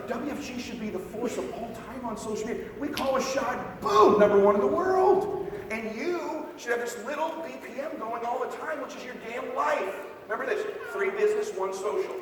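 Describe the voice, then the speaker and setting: A man's voice: extremely high pitch, slight background noise. Brash, profane man speaking onstage in an echoing hall. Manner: brash, profane, pushy and fast-talking, often asks the crowd if they follow. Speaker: motivational speaker. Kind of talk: live motivational talk to a sales team. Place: large hall, stage at a live event. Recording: very echoey hall, voice from far off.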